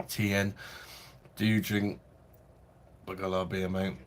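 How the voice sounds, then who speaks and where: Bloke live streaming from home, lowish voice, jokey and rambly, laughs a lot, slight hiss in the background. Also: male voice, level tone, slow. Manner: chatty and jokey, laughs often, loose rambling delivery. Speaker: live-stream host reading viewer chat. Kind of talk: casual live-stream chat.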